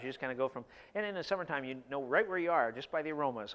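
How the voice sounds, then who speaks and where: A middle-aged man preaching a sermon, swinging between emphatic bursts and hushed, slow stretches. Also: medium pitch, animated. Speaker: pastor. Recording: long hall reverb.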